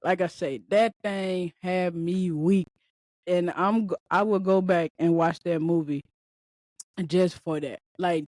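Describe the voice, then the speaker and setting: A woman's voice: lowish voice, a little mellow, no echo, clean studio sound. A woman hosting a podcast, telling a story in a rambling, conversational way and talking straight to her listeners. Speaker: podcast host. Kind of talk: casual storytelling chat.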